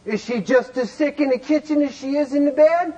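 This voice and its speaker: Talking fairly quickly in a very high-pitched voice, a man lectures a recovery group with animation, peppering them with rhetorical questions and occasional shouts, on a lo-fi recording.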